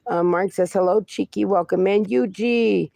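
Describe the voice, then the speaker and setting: Gravelly-voiced woman in her forties. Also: medium pitch, moderate pace, mellow, no room sound. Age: 40s. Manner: reads viewer comments aloud and answers them fondly; calls viewers "my darling" and "my friend". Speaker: livestream host. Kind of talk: casual livestream chat.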